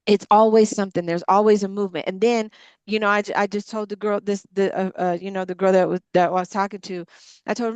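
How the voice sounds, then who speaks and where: A woman's voice: mid-range voice, steady tone, fast talker, a little mellow, smooth, no echo. A middle-aged woman leading a Bible study group, talking bluntly and with feeling, swearing freely. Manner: blunt, impassioned, frank swearing. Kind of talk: candid group discussion.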